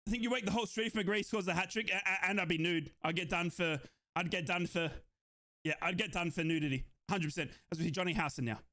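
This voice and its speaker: A young man from Australia hosts a football watchalong stream, alternating between euphoric yells and rapid play-by-play. His voice sits high and bright, with a sharp edge, and he is audibly out of breath from all the shouting. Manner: euphoric fan shouting and yelling over goals, then rapid play-by-play. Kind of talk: excited live match commentary for a watchalong stream.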